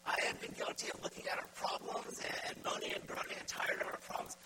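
A man preaching a sermon as pastor, putting direct, repeated questions to his congregation. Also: fast. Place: church. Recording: loud background noise.

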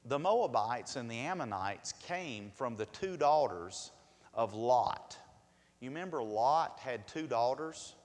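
A man preaching a sermon, asking the congregation questions and swinging between loud and soft. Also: mid-range voice. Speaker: pastor. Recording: long hall reverb.

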